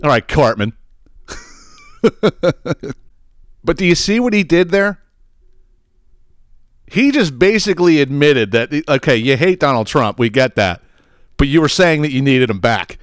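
A man's voice: a little high, measured pace, pauses often, no echo, studio quality. A man hosting a podcast, ranting casually with lots of swearing and mocking laughter. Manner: profane, mocking, animated with laughs. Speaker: podcast host.

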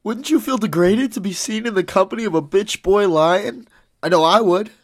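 A man's voice: high voice, normal speed, voice pushed up. A man voicing a foul-mouthed, boastful cowardly male lion in a comedic read-through, with swaggering, crude threats. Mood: whiny.

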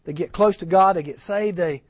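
A man preaching a storytelling sermon at a teen camp chapel, animated and acting out the voices he quotes. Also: high voice, normal speed, dry recording.

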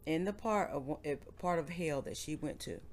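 A man's voice: a little high, moderate pace, slight background noise. A man in an earnest, casual faith conversation, retelling a vision story and acting out the pleas of the people in it.

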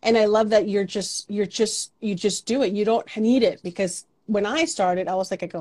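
A woman hosts a podcast in a loose, frank conversation. She swears freely, restarts her sentences and acts out her own inner doubts. Her voice sits at a middling pitch. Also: moderate pace, few pauses, a little mellow. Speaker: podcast host.

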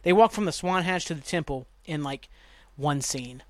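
A man's voice: a little high, normal speed, no room sound. Griping, rambling man recapping TV. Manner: rambling, profane, exasperated griping. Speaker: podcast host. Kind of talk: casual TV episode recap.

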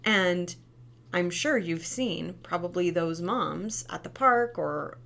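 A woman in her thirties, a former preschool teacher and mom, giving parenting tips in a chatty, animated way, often asking "right?". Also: on the low side, takes it slowly, creaky. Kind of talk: casual advice talk.

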